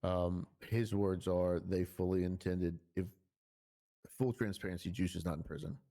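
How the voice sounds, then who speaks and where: A man speaking in a role-play stream, halting and earnest, with many fillers. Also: sits low, fairly even intonation, dark tone. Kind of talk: in-character role-play chat.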